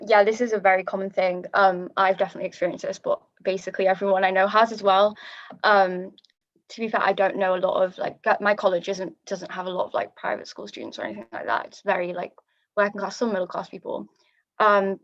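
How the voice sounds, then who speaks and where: A woman's voice: medium pitch, no room sound. A young woman student on a panel, talking in a reassuring, filler-heavy way. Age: young adult. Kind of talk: casual panel discussion. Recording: dry muffled lo-fi audio.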